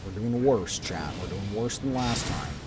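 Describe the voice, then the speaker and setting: A man streaming a game live, talking excitedly to his viewers and teasing himself about his play. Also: lowish voice, moderate pace, music in the background. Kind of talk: live gameplay commentary.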